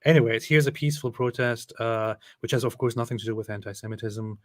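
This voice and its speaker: A man's voice: mid-range voice, fast talker. A man hosting a casual livestream, reading news aloud with wry, sarcastic asides. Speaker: host.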